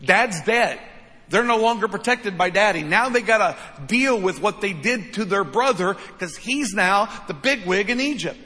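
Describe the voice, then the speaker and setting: A man's voice: high-pitched, lively intonation, normal speed, sharp tone. A man preaching a sermon as pastor, with an emphatic delivery that repeats phrases and keeps asking "right?". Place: church sanctuary. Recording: long reverb of a large hall.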